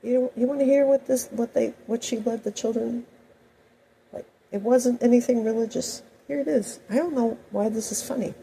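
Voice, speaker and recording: A woman's voice: on the high side, normal speed, creaky, dark tone, a little hiss or hum, low-quality recording. A woman telling personal stories in a rambling, anecdotal monologue full of asides. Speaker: host.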